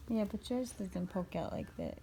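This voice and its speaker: A woman's voice: mid-range voice, wildly swooping pitch, moderate pace, vocal fry, dark tone, slight background noise. A mother filming her baby on a phone at home, talking to her in fond, cooing baby talk. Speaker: mother and vlogger. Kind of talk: casual home video. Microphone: handheld phone.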